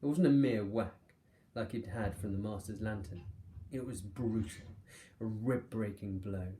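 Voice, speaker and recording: A man's voice: on the low side, unhurried, slight background noise. Male teacher reading a story aloud. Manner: steady, expressive storytelling. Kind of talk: reading a children's novel aloud. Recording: echoey room.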